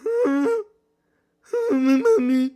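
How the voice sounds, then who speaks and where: Man mocking himself as a terrified little kid crying for mommy, high-pitched and whiny. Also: expressive, takes it slowly, dark tone, heavily acted. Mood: whiny scared. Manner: whiny, pleading. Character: frightened little boy crying for his mommy.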